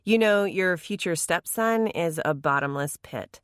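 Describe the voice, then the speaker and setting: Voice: mid-range voice, lively intonation, a little slow, a bit bright, clean tone, no room sound, studio quality. A narrator voicing a sweet but sarcastic young woman in an audiobook. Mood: sweetly sarcastic.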